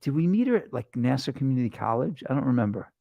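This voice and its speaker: A man hosting a casual chat show, telling rambling jokey stories with quick asides. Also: mid-range voice, big pitch swings, creaky, no room sound, lo-fi sound. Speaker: host.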